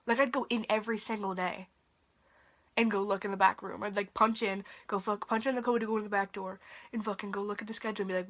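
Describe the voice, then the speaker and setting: A young woman telling a story in a casual vlog from her bedroom at night, profane and animated, sometimes dropping to a whisper. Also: medium pitch, fairly quick, long pauses. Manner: drops to a whisper at times. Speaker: vlogger.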